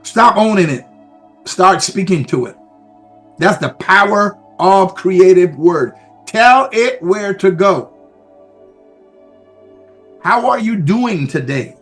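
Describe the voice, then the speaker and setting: Brief: male pastor, high-pitched, preaching with repetition and shouted emphasis over soft music. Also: lively intonation, slow pace, pauses often. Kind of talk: sermon.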